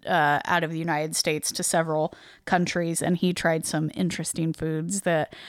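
A woman's voice: sits low, level tone, normal speed, no room sound, clean studio sound. Chatty wry woman podcast host. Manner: chatty, wry, laughs easily, reads notes aloud with asides. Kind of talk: casual chat, reading research aloud.

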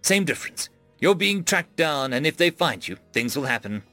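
A man's voice: fairly high pitch, big pitch swings, normal speed, pushed and bright, no echo, faint music behind, pitched above the performer's own voice. A man voicing a wary, blunt alien woman living alone on a station.

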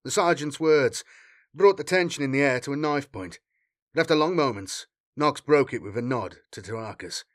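Man narrating with an animated pitch. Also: moderate pace. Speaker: audiobook narrator. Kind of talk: scripted narration.

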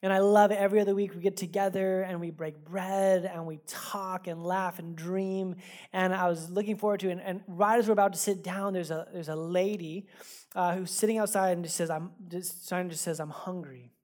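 A man's voice: high voice, fairly even intonation, a little fast, darkish tone. Man preaching a conversational sermon. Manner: conversational, repeats words as he goes, self-deprecating humor. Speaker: pastor. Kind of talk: sermon with personal storytelling. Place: church service before a congregation.

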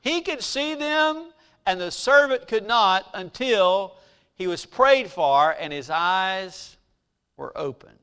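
Man preaching, high voice, swooping lively delivery, bright tone, animated storytelling. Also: takes it slowly, clean tone. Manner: animated storytelling, acting out scripture. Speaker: pastor. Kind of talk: sermon.

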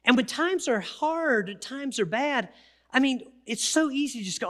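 A male pastor preaching a sermon, telling the story with lively energy and acting out the quotes. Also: very high voice, normal speed. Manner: animated storytelling, acts out quotes.

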